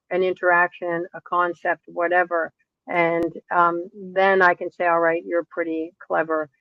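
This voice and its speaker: Woman horse trainer chatting, animated storyteller, dull dry lo-fi sound. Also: fairly low pitch, dry recording. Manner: lively storyteller acting out quoted dialogue. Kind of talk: interview storytelling.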